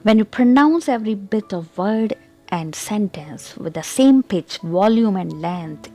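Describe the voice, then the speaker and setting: A woman teaching English pronunciation in a slow, deliberate lesson, repeating example words and checking in with "okay?". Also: fairly low pitch, vocal fry, mellow.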